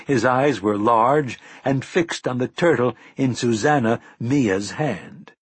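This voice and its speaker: Husky male audiobook narrator. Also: medium pitch, dry recording. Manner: measured, expressive storytelling.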